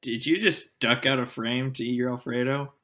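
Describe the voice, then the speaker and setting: A man's voice: mid-range voice, moderate pace, sharp tone. A young man co-hosting a casual podcast, teasing and blunt. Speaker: podcast co-host.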